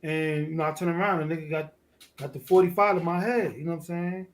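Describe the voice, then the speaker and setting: Animated New man telling a story. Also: fairly high pitch, quick pace. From Fort Greene, Brooklyn. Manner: animated, profane street storytelling. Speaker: guest. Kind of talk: casual storytelling.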